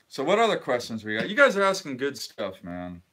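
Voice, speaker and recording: A man's voice: mid-range voice, huge pitch swings, brisk, fairly bright tone. Rambling, chatty man on a live stream. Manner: rambling, chatty, trails off mid-sentence. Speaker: co-host of a live card-collecting stream. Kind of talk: casual live-stream chat.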